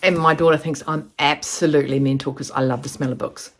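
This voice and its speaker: A woman's voice: deep voice, steady tone, fast, a little hiss or hum. A woman, chatting casually to camera in a rambling, storytelling way. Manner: chatty, rambling, acts out quoted voices. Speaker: vlogger.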